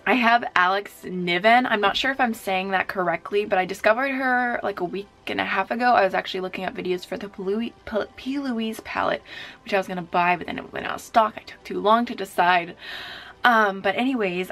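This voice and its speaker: Chatty young woman with vocal fry. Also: mid-range voice, fairly bright tone. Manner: chatty and gushing, many fillers. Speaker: beauty vlogger. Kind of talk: casual chat.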